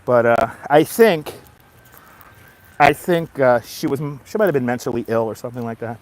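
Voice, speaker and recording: A man's voice: mid-range voice, expressive, normal speed. A man telling a story on a casual livestream while walking outdoors on a boardwalk, greeting his viewers by name as he talks. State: tired after a nap. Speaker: vlogger.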